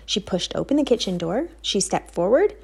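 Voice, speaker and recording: Brief: woman reading an audiobook, lively pitch, slightly gravelly. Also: moderate pace. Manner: expressive, storytelling. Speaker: narrator. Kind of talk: audiobook narration.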